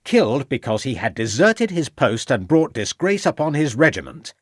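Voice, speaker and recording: A man's voice: on the low side, very animated, normal speed, dry recording, studio quality. A man voicing a firm police inspector who presses his questions and gives orders in an audiobook. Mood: pressing. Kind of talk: audiobook character voice.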